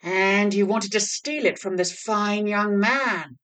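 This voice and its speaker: A woman voicing a bossy male master devil in a storybook tale, commanding and booming. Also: slow, fairly bright tone. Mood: sly.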